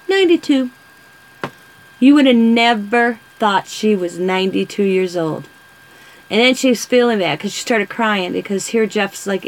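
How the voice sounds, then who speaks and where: A woman's voice: medium pitch, a little hiss or hum, rough recording. A woman vlogger chatting casually with viewers, telling rambling stories and answering comments. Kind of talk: casual live-stream chat.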